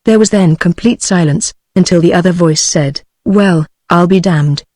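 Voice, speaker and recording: A text-to-speech woman's voice with a British English accent, reading a novel aloud in an even, steady way. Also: on the low side, moderate pace, no echo. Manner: even, steady synthetic delivery. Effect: synthetic text-to-speech voice. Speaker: audiobook narrator.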